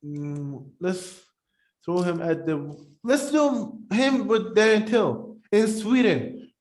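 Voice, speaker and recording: A man co-hosting a podcast in casual, rambling chat, animated and talking while eating. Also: high-pitched, slow. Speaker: podcast co-host.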